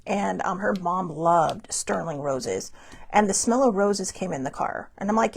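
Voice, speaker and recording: Husky, gravelly-voiced woman telling stories. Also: fairly low pitch, expressive, a little slow. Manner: rambling and chatty, with many asides and restarts. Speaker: podcast host. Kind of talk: casual storytelling monologue.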